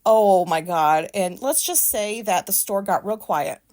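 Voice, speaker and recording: A woman's voice: medium pitch, measured pace, a little mellow. A woman venting in a casual, profane rant, agitated and exasperated, full of "like" fillers. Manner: profane, exasperated ranting with frequent "like". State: agitated, pissed off. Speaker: vlogger.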